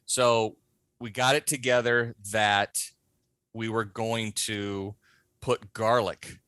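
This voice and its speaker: A man in a casual podcast interview, telling a backstage prank story with animated delivery and acting out the other people's voices. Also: fairly low pitch, slow pace, clean tone, no room sound. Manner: animated, acts out voices in his stories. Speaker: podcast guest, haunt scare actor.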